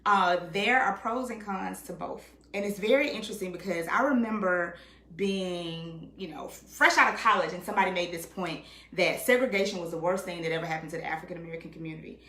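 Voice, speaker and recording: A woman guest in a casual conversation, talking in an animated way, acting out quotes and often checking in with "right?". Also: lowish voice, fairly quick, reverberant.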